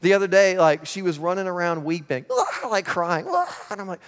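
Energetic pastor preaching in a reverberant hall. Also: male voice, high-pitched, normal speed, smooth. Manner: energetic, swings from loud and playful to hushed and earnest. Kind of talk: sermon.

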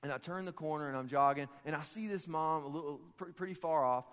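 Speaking quickly with a clean tone, a pastor tells a personal story in a casual, humorous sermon, talking to the congregation like friends. He laughs often in the middle of sentences, and his voice sits a bit high. A large church hall adds a long reverb after every phrase.

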